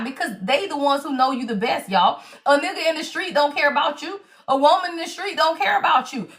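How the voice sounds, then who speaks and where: A woman's voice: sits high, sharp tone. A woman giving a casual live tarot reading, blunt and profane, laughing often and calling her viewers y'all. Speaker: tarot reader.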